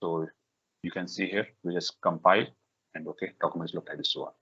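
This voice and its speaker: A man leading a live software tutorial for a workshop, talking in halting bursts with many fillers, restarts and repeated "okay"s. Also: deep voice, steady tone, slightly rough. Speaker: workshop instructor. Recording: dull lo-fi recording.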